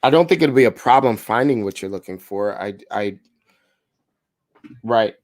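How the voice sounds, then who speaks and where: Upbeat low-voiced man on sales calls. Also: expressive, moderate pace, a little mellow, dry recording. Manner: casual, upbeat, repeats words and restarts. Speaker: sales trainer making live calls. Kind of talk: live phone calls with coaching asides.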